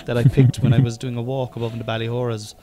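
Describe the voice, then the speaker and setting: A man's voice: medium pitch, flat delivery, fast talker, warm tone. A man in his forties with an Irish accent, hosting a casual podcast chat, rambling with many restarts and the odd curse. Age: 40s. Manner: rambling, swearing, stop-start sentences. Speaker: podcast host.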